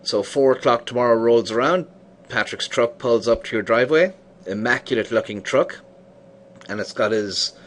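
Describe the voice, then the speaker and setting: Male business coach, middle-range voice, talks through a sales story with light voicing of the people in it, faint background hiss. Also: medium pitch. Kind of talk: scripted teaching monologue with storytelling.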